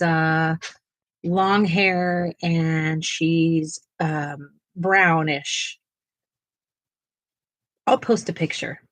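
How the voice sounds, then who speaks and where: A woman with a lowish voice hosts a coloring livestream, chatting casually and responding to viewers in the chat while she colors. There's no room sound on the recording.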